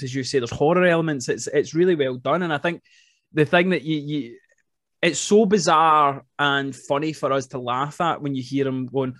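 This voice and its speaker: Male podcast host, upper-register voice, casual and excitable, rambling delivery with loose swearing, close dry sound. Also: fairly high pitch, no room sound. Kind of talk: casual film chat.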